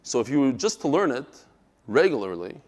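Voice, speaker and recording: Animated man teaching a Talmud class. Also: mid-range voice. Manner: animated, quick asides and storytelling.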